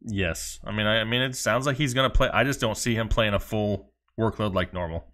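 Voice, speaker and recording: A man co-hosting a casual live stream. He reads viewer questions aloud in quick runs and slips in dry jokes, with an easygoing chatty rhythm. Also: fairly low pitch, fairly bright tone. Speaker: fantasy football show co-host.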